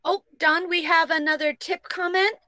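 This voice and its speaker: A woman with a high, bright voice recorded close and dry. She reads out tips as co-host, upbeat and thankful, and answers her partner with dry comebacks. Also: steady tone, moderate pace, no room sound. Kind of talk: casual chat.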